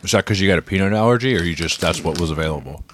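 A man's voice: low-pitched, racing, fairly bright tone, a little hiss or hum. A man co-hosting a casual remote podcast, reading listener emails aloud and joking around. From Los Angeles area. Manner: jokey, reads emails aloud with bursts of laughter.

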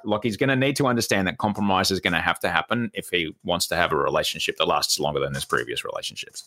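A man's voice: deep voice, expressive, quick pace, bright, forceful tone. A man co-hosting a chatty TV recap podcast, playful and jokey. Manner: playful, jokey, mock-sincere. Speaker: podcast co-host. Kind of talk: casual chat.

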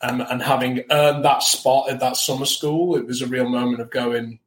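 A man's voice: mid-range voice, fairly quick, few pauses. Chatty man, roomy sound. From north of England. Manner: animated, chatty, restarts often. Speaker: actor guest. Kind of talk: casual interview talk. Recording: roomy echo.

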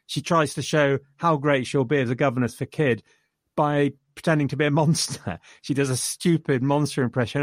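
A man's voice: mid-range voice, no echo, studio quality. Chatty man reviewing a film. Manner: enthusiastic, chuckling retelling of scenes. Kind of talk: casual film discussion.

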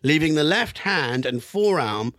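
A man's voice: a little high, very animated, measured pace, a bit bright, no echo, studio quality. A man co-hosting a casual podcast, reading out an odd history story with amused, swearing asides. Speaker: podcast co-host.

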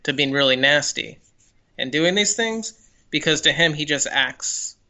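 A man's voice: fairly high pitch, lively intonation, pushed and bright. A man co-hosting a podcast, analyzing a character in casual talk, stumbling over his openings before making his point. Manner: stammering restarts, measured analysis. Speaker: podcast co-host. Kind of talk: casual film discussion.

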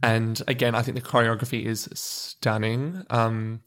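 Man, podcast co-host, casual, enthusiastic, rambling, mid-pitched voice. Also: level tone, a little slow, fairly bright tone. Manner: enthusiastic, rambling with restarts and fillers. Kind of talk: casual chat.

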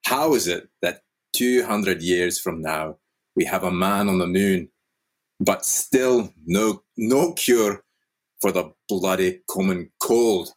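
A wry young Highland father in a shaky Scottish accent, read by a man. The voice is very low and husky, and the lines come with a rueful edge. It sounds like a casual table read. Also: slow pace. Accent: attempted Scottish.

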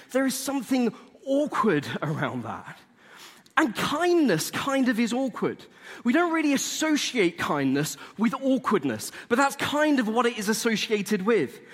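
A man's voice: high voice, fairly bright tone, big-room sound. A young man giving a sermon as a chatty, self-deprecating story. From England.

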